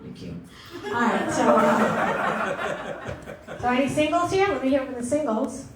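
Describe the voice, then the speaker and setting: A woman's voice: high voice, animated, a little slow, heavy background noise. A middle-aged woman doing a brash, self-mocking stand-up set in a comedy club. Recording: echoey club with audience laughter.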